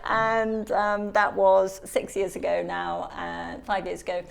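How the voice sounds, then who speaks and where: Animated middle-aged woman telling stories. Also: fairly low pitch, unhurried, gravelly, a little hiss or hum. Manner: animated storyteller who acts out quotes. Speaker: guest, model. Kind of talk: storytelling in a podcast interview.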